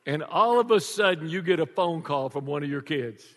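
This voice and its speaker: An older man preaching a sermon to a congregation, animated and joking, laughing often. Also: a little high, moderate pace. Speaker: pastor. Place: church before a congregation. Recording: long reverb of a large church.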